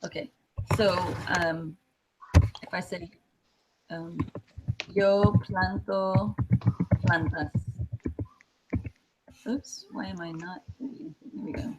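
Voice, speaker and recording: Lower-voiced woman teaching a class. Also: lively intonation, slow, long pauses, very noisy. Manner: patient, explains step by step with many fillers. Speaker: Spanish teacher. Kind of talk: classroom lesson.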